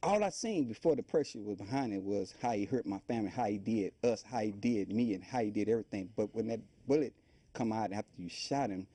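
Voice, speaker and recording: A middle-aged man, fairly low-pitched and slightly rough, speaks fairly quickly as a guest describing his life. His storytelling is animated and rambling, in colloquial speech, as he imitates the voices of the people involved.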